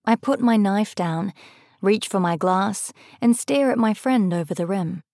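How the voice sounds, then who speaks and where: A young adult woman reading a first-person audiobook, measured and lightly expressive, on a close studio mic. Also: medium pitch, no echo. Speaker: audiobook narrator.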